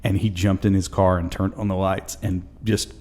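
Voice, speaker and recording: A man's voice: sits low, level tone, moderate pace, darkish tone. A man co-hosting a podcast, telling a story in casual chat, rambling and chuckling as he goes. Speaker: podcast co-host.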